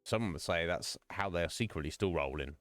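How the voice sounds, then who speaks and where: A man's voice: deep voice, normal speed, a bit bright, no room sound, faint music behind. A man hosting a live stream, chatting casually and jokingly with viewers by name. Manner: rambling, joking, talks to chat by name. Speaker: streamer host.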